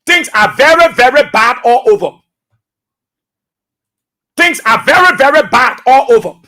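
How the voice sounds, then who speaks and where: High-voiced, impassioned Liberian man. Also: expressive, normal speed, sharp tone. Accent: Liberian English. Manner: impassioned, repeats phrases for emphasis. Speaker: radio talk host. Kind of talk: political radio commentary.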